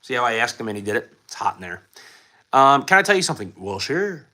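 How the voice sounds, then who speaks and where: Animated young man hosting a live stream. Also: mid-range voice, fast talker, a little hiss or hum. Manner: reads viewer questions aloud and answers with many ums and uhs. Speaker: livestream host answering chat questions. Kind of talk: casual live-stream chat.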